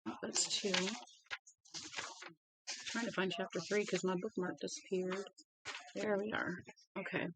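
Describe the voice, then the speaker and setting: A woman's voice: steady tone, measured pace, long pauses, background noise. A woman chatting casually at home before reading a novel aloud, rambling between small talk and talking to her dog. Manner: rambling and chatty, talks to her dog in a high sing-song.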